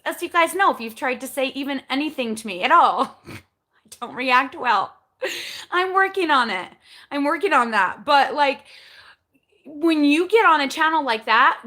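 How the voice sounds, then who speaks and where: A woman in her forties hosts a casual live-stream chat, candid and talkative, frequently posing questions to herself and answering them before offering step-by-step coaching advice. Her voice sits on the high side with a sharp tone.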